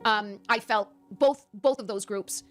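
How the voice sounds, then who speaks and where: A woman answering interview questions in an emphatic, animated way, often stammering and restarting. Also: mid-range voice, unhurried. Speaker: interview guest.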